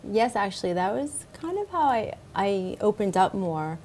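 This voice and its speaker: A middle-aged woman speaking as a spirit medium guest in casual interview chat, warm and enthusiastic, often repeating herself. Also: medium pitch, sing-song, normal speed, slight background noise. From United States.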